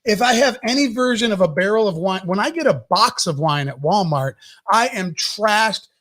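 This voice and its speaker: A man hosting a podcast, telling a comic story in an animated, profane rant. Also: sits high, normal speed. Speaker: podcast host.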